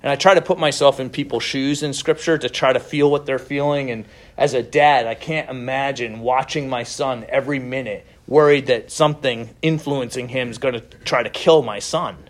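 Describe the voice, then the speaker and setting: A man's voice: mid-range voice, fairly even intonation, moderate pace. Earnest middle-aged male pastor. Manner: earnest, conversational, gentle laughs. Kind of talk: sermon.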